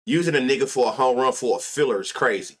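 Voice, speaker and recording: A man's voice: medium pitch, fast, fairly bright tone, breathy edge. Profane, loose-talking male betting host. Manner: loose, profane, reading stats aloud and riffing on chat. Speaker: sports betting show host. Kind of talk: live-stream sports betting talk.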